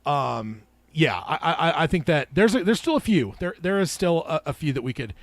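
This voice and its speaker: A man co-hosting a casual podcast chat and reading out listener emails, relaxed, with lots of fillers and restarts. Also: on the high side, normal speed, dry recording. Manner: relaxed, many fillers and restarts, laughs often. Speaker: podcast co-host.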